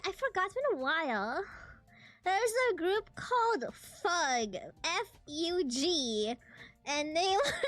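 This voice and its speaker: A woman's voice: very high-pitched, fairly bright tone. A young woman streaming a game, chatting casually, giggling and tripping over words as she laughs at herself. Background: faint game music.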